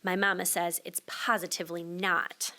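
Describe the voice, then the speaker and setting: A woman teacher reading a children's picture book aloud to young listeners, expressive and switching voices for the child and the mother. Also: lowish voice, moderate pace. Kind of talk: children's storybook read-aloud.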